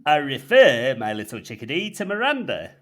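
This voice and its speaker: A man voicing a gruff male space janitor in an attempted North Yorkshire accent, blustering and conspiratorial. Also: mid-range voice, wildly swooping pitch, normal speed, a bit bright, voice pushed up. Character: gruff surly male jizz mopper in space.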